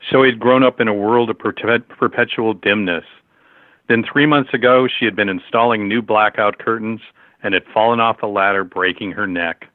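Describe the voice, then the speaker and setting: A man narrating a story in a steady, measured reading over a tinny phone-like line. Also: on the low side, dry recording.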